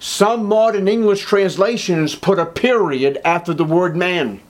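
A pastor preaching a sermon, earnest and emphatic, rising in pitch and force on key points. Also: male voice, unhurried.

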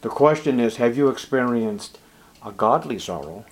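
A man preaching a sermon, acting out Bible scenes with sudden jumps in pitch and volume. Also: lively intonation, normal speed. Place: church.

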